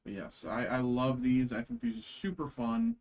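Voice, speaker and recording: A man's voice: mid-range voice, big pitch swings, normal speed, noisy background. A man hosting a live card-opening stream, chatting casually with lots of fillers, restarts and self-deprecating jokes. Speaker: card break host.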